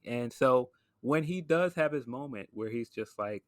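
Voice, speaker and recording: A man's voice: medium pitch, expressive, moderate pace, hardly any pauses, no room sound. A man hosting a casual podcast, gushing enthusiastically about a film and comparing it to wrestling. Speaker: podcast host.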